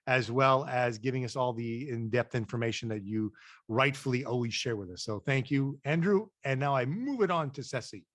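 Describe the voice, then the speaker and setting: A man's voice: mid-range voice, a bit bright, no echo. Easygoing male host leading a webinar; friendly, conversational, dry close recording. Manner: friendly, chatty, runs a trivia quiz. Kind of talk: casual webinar hosting. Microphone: online video call.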